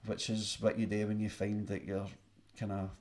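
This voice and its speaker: A man's voice: fairly low pitch, completely flat delivery, moderate pace, darkish tone. A man with a Glaswegian accent, a singer-songwriter chatting casually between songs, rambling and self-deprecating. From Scotland. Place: home studio. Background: acoustic guitar.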